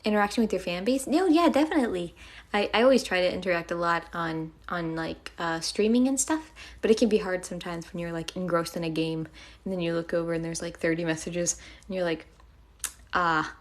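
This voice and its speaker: A woman's voice: on the low side, brisk. Giggly young woman live-streaming. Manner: giggly, chatty, often thanks viewers. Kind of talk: casual live-stream chat with viewers.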